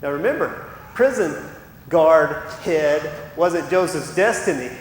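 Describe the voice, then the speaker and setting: Impassioned preacher in an echoey hall. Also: male voice, animated, slow pace. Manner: impassioned, acts out quoted voices. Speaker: pastor. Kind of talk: sermon. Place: church sanctuary. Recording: echoey church hall with rumble.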